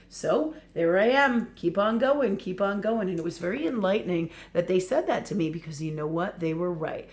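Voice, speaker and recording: A woman's voice: fairly low pitch, expressive, moderate pace, hardly any pauses. A woman spiritual teacher giving a live talk, earnest and repetitive, often checking in with "okay" and "right".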